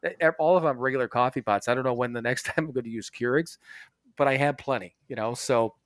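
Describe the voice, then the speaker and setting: A man's voice: mid-range voice, fast talker, no echo, studio quality. A man co-hosting a podcast, telling a rambling story in casual chat, swearing and laughing as he goes. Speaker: podcast co-host.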